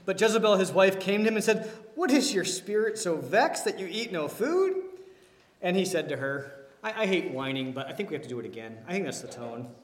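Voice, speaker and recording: A man preaching a sermon as pastor, animated, with many rhetorical questions. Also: sits high, brisk. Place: church. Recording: echoey hall.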